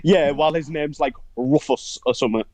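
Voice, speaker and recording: A man's voice: fairly high pitch, brisk, darkish tone. A young man, co-hosting a podcast, chatting casually about gaming and mocking old opponents with swearing and laughs. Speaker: podcast co-host.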